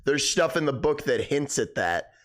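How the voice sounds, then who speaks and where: A man's voice: mid-range voice, sing-song, normal speed, a bit bright. A young man hosting a live stream, chatting casually and rambling, swearing a lot, his voice cracking. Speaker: livestream host.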